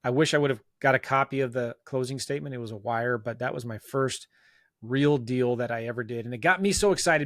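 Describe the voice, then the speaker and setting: A man, a guest on an interview show, telling a self-mocking story in an animated, casual way and acting out bits of dialogue. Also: medium pitch, dry recording, studio quality. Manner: loose talk full of fillers and restarts. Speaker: guest real estate investor.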